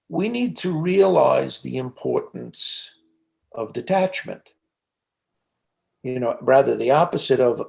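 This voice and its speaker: A man's voice: medium pitch, vocal fry, a little mellow. A man being interviewed, telling reflective stories in a conversational way with frequent restarts. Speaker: interview guest, psychologist and author.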